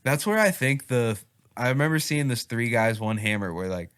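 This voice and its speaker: A man's voice: medium pitch, lively intonation, moderate pace, a bit bright, clear, resonant tone. A young man hosting a casual podcast in easygoing, laughing banter. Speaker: podcast host.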